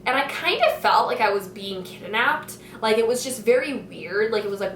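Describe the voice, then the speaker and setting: A young woman vlogger with a mid-range, fairly bright voice tells a story from her school days, talking a little fast with few pauses and packing in "like" and "you know." She's at home with a kitchen nearby, in an echoey room with the mic at a distance and a little hiss or hum.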